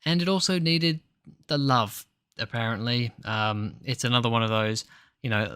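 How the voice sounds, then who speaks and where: A man's voice: medium pitch, a bit bright, clean tone, dry recording, clean studio sound. A man giving a casual spoken review of a TV episode, rambling and hesitant, with frequent ums and restarts. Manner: hesitant, filler-heavy, rambling.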